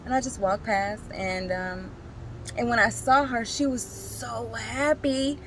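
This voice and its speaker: Woman vlogging slow and halting, emotional, kinda teary, faint hiss behind. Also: a little high, steady tone, poor audio. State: tearful at times. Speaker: single parent. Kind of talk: personal reflective vlog.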